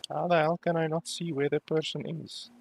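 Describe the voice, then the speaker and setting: A man's voice: fairly high pitch, little pitch movement, normal speed, vocal fry, slight background noise. A man giving casual, wry commentary while streaming a game, swearing now and then. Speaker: gamer streaming a playthrough. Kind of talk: casual let's play commentary.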